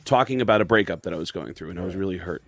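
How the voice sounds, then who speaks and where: A man's voice: deep voice, vocal fry, dry recording, soft background music. A man from the Bronx, an impressionist telling a story as a guest on a radio talk show and slipping into voices. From the Bronx, New York. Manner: animated storyteller who slips into voices, quick with laughs.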